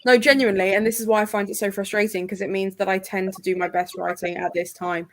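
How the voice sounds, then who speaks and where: Woman writer, lively storyteller, dry close mic. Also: mid-range voice, quick pace, dry recording. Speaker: writer, readathon co-host. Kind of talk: casual chat.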